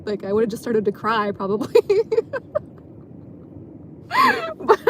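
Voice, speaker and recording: Parked in her car, a vlogger and dancer with a slightly high voice rambles loosely through a monologue. She pokes fun at herself and laughs often, with a faint hum of noise behind her.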